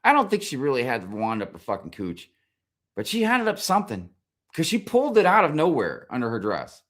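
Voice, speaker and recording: Swearing animated ranting man. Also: medium pitch, fairly quick. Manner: swears constantly, animated and exasperated. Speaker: streamer. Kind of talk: profane comedic rant.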